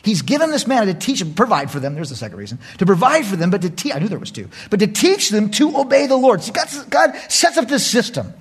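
A male pastor preaching a lively sermon to his congregation, acting out voices and laughing often. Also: sits high, fast talker, hardly any pauses, slightly rough.

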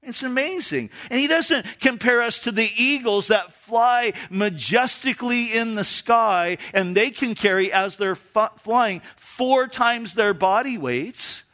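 A middle-aged man preaching a sermon as a pastor, animated, dropping his voice low for emphasis. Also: measured pace, few pauses.

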